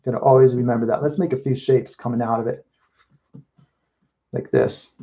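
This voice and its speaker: A man's voice: mid-range voice, steady tone, normal speed, warm tone, highs cut off. A man chatting casually as he paints live, thinking aloud and correcting himself as he goes. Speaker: mural painter.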